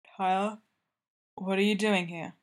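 A woman voicing a quiet, commanding young man in an audiobook, speaking in low, terse commands. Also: steady tone, a little slow, lightly acted. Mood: soft. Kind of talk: audiobook character reading.

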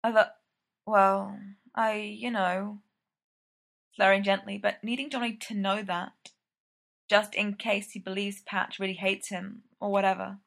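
A woman reads a story aloud with a close, steady, intimate delivery. Her voice sits in a middle pitch with a gravelly fry running through it. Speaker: reader. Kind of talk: reading fiction aloud.

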